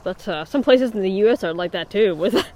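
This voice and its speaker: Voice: medium pitch, expressive, fairly quick, mellow. A livestreamer chatting casually outdoors on a winter beach, laughing often and answering viewer comments. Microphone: mic worn while bundled in a hood. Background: wind noise.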